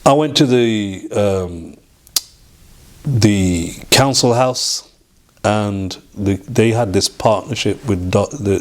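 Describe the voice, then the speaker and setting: A middle-aged man with a lowish voice tells a personal story as an interview guest. He speaks haltingly, restarting his sentences and acting out the dialogue he quotes.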